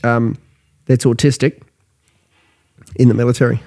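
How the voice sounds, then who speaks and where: A man's voice: mid-range voice, flat delivery, moderate pace. A tired, tipsy Australian man in his thirties, co-hosting a crude, casual pub chat. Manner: blunt, swearing, laughs loudly at his own jokes. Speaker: podcast co-host.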